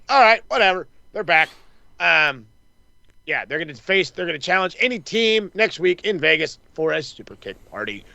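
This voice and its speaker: A man with a fairly high, gravelly voice and a bright, forceful edge rattles through a casual recap chat. He swears constantly and slips into quick impressions of the people he quotes. The sound is dry and close. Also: dry recording. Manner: profane, excitable, acts out quotes. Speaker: wrestling podcast host.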